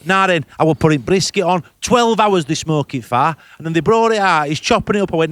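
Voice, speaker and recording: A man's voice: on the high side, lively intonation, brisk, hardly any pauses, fairly bright tone, no room sound. A man, telling comic travel stories in a broad, blunt, boastful way with swearing. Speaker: podcast host reporting from abroad. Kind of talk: comic character monologue. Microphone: remote call.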